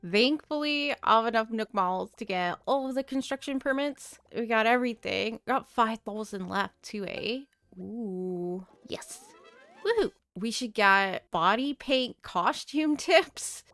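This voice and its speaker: A woman's voice: on the high side, expressive, a little slow, a bit bright, smooth, no room sound. A young woman hosting a gaming channel, chatting playfully through casual gameplay commentary and reading game dialogue aloud.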